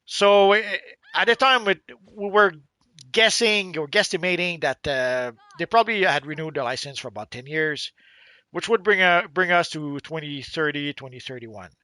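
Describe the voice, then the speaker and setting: A man co-hosting a casual game livestream, his voice bright and a touch high. He rambles and hedges, circling back with fillers and restarts. The sound is dry and close, with no room around it. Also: normal speed, no echo. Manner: rambling, hedging with many uhs and restarts.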